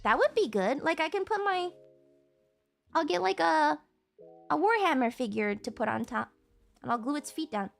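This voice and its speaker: A young woman streaming and chatting casually while crafting, animated and giggly, swearing casually. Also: high-pitched, moderate pace, creaky, pauses often, faint music behind. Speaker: VTuber streamer.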